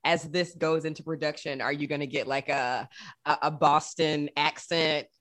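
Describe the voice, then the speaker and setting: Chatty podcast host from Georgia. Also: male voice, fairly high pitch, moderate pace. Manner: animated and chatty, often acting out quoted remarks. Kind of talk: casual interview conversation.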